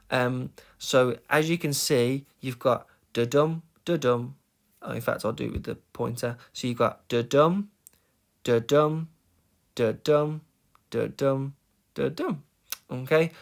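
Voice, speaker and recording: Male teacher explaining, with frequent "okay?". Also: mid-range voice. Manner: emphatic, tapping out rhythms, frequent "okay?" check-ins. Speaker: English teacher. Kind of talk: recorded video lesson.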